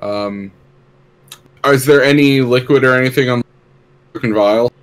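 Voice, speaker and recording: A man's voice: medium pitch, moderate pace. A man playing a tabletop game, hesitant and playful, cracking jokes. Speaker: player. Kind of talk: casual tabletop game play.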